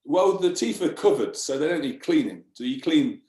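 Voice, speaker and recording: A man's voice: a little high, very animated, moderate pace, mellow. A man, a guest on a podcast, talking casually, swearing and laughing often. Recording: roomy echo.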